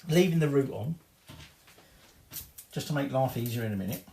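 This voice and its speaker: A man's voice: medium pitch, animated, moderate pace, vocal fry, mellow, reverberant, a little hiss or hum. A man giving a casual cooking demonstration in his home kitchen, chatty and rambling, with cheeky swearing. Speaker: home cook.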